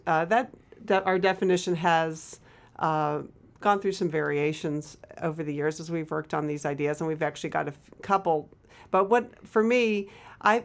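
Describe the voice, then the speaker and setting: A woman co-hosting a TV talk show, explaining ideas thoughtfully with frequent pauses and restarts. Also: sits low. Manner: thoughtful, hesitant, many fillers and restarts. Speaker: co-host and author. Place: local TV studio.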